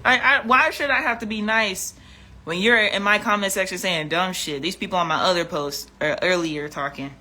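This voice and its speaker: A woman's voice: lowish voice, normal speed, bright, forceful tone. A woman vlogging in a casual, profane rant, blunt and exasperated, often repeating herself.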